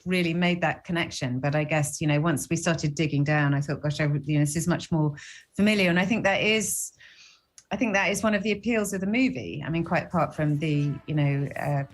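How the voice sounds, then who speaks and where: A woman's voice: low-pitched, brisk. A British woman in her forties, a guest actress chatting in a TV interview, self-deprecating and rambling, laughing often. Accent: British English. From Britain. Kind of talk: TV interview chat.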